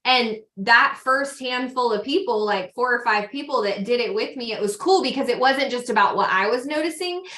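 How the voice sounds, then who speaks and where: Woman, Southern country accent, chatty, upbeat, bright voice, echoey video call. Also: a little high, lively intonation, normal speed, hardly any pauses. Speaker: sales team mentor. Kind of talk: casual team video call.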